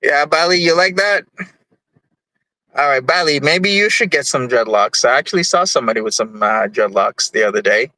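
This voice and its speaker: A man's voice: mid-range voice, lively intonation, moderate pace, bright, forceful tone, no room sound, poor audio. A young man from Jamaica hosting a livestream, chatting casually and reading chat messages in a rambling, easygoing way. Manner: rambling, easygoing, many fillers. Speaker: livestream host.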